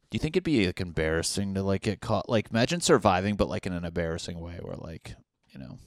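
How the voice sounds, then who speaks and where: A young man casually riffing on a comic story, swearing freely and jumping into quick silly character voices. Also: low voice, a little mellow, no room sound, clean studio sound. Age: young adult.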